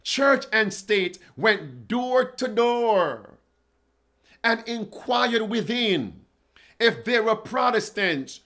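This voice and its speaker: Male preacher, livestream sermon; animated, swooping pitch, pleading calls to his viewers. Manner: slow, dramatic preaching, pleading appeals; reads quotes aloud and addresses chat viewers.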